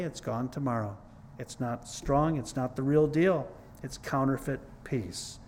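A middle-aged man preaches a sermon in an earnest, conversational manner, weaving scripture together with his own testimony and repeating "it's like, whoa." His voice is medium-pitched and a little mellow, with slight noise in the background.

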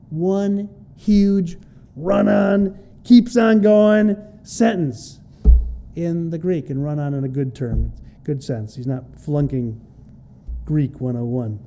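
Guy preaching a bible sermon, kinda high voice but really mellow, repeats stuff for emphasis. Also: a little hiss or hum. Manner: emphatic, repeats key phrases for stress; plain, conversational teaching with homely comparisons. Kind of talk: expository sermon on a Bible passage.

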